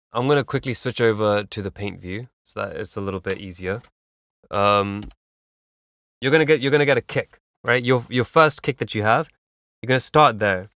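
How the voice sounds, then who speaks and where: A man's voice: medium pitch, a bit bright, no room sound, studio quality. A man giving loose, instructive mixing feedback on a track, humming beats and using plenty of fillers. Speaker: music feedback streamer. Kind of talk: casual mixing advice.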